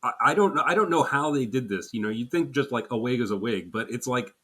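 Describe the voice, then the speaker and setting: A man's voice: mid-range voice, expressive, fast talker, fairly bright tone, husky. A man co-hosting a casual chat podcast, laughing often and acting out quotes as he talks. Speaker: podcast co-host.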